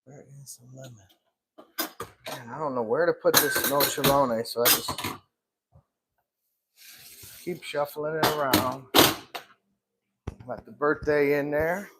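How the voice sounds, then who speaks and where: A man who runs a gelato shop, chatting casually on a live stream as he works and often clearing his throat. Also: mid-range voice, takes it slowly, long pauses. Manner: chatty, talks to himself while working, clears throat often. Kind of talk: casual live-stream chat while working. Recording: clear background noise with clicks.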